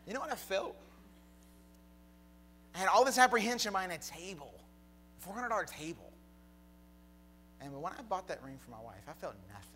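A young man preaching a sermon, telling a personal story that builds to a fervent, shouted close. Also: high voice, big pitch swings, moderate pace, long pauses, slight background noise. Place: church hall with congregation.

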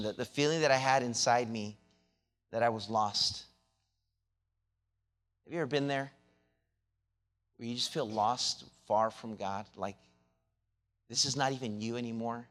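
A man preaching a sermon, telling a childhood story and then building into loud, rising exhortation with many repeated words and restarts. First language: not English. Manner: restarts and repeated words, grows louder and higher when preaching.

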